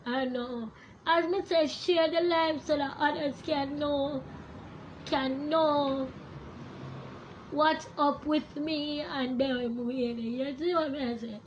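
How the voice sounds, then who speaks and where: A woman's voice: high-pitched, fairly even intonation, takes it slowly, highs cut off, slight background noise. A woman chatting on a live stream from her phone, distracted and laughing at herself. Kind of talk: casual live stream chat.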